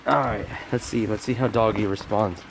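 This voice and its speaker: A man's voice: fairly low pitch, steady tone, normal speed, creaky, a little hiss or hum. A man hosting a casual live phone stream outdoors on a snowy street, chatting playfully with viewers while walking a dog. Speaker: livestream host. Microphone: phone held by hand.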